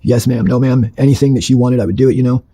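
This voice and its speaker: A man's voice: mid-range voice, fairly even intonation, fast talker, mellow, low-quality recording. A man telling his life story in an interview, blunt and profane, rambling with fillers and restarted sentences. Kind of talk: candid personal storytelling.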